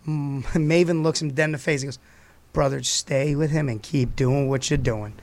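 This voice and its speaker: A man co-hosting a casual podcast chat, an animated storyteller who laughs often. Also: medium pitch, normal speed. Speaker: podcast co-host.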